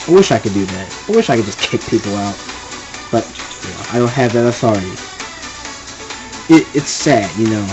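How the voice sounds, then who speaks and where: A man's voice: fairly low pitch, lively intonation, a little fast, long pauses, darkish tone, faint music behind, poor audio. A young man ranting casually and with exasperation, rambling and repeating himself. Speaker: vlogger ranting. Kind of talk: casual rant to camera.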